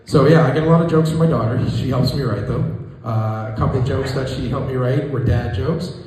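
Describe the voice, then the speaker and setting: Halting stand-up comedian man, echoey room. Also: medium pitch, a little mellow. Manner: halting, self-deprecating delivery with many restarts. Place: small room with a live audience. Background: audience laughter.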